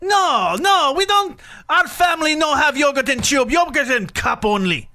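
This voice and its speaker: A man voicing a loud, stubborn middle-aged Russian man in broken English with a put-on Russian accent, growing louder as he rants. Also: extremely high pitch, expressive, normal speed, pitched above the performer's own voice, heavily acted. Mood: indignant. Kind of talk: comic anecdote impression.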